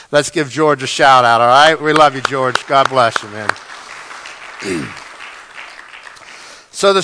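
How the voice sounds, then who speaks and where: A man preaching a sermon as pastor, animated, often repeating his words and acting out the lines of the story. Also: medium pitch, smooth.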